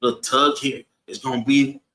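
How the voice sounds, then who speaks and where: A man's voice: mid-range voice, fairly even intonation, brisk, pushed and bright, slight background noise. Preachy man teaching a bible class. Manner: preachy, asks the room "right?" over and over. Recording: echoey room.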